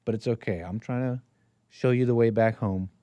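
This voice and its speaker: Male call-in host, mid pitch, rambling teasing delivery, dry room. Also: moderate pace, no room sound. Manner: rambling, teasing, swings between loud bursts and mumbles. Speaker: host of a call-in livestream show. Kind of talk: casual solo livestream talk to chat.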